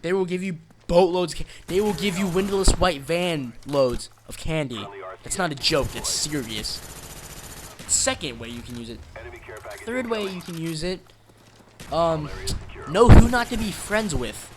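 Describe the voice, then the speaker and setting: A man's voice: fairly high pitch, a little slow. Rambling young-sounding guy, noisy background. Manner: rambling, dark-joking, self-interrupting. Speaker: channel host. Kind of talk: joking rambling vlog.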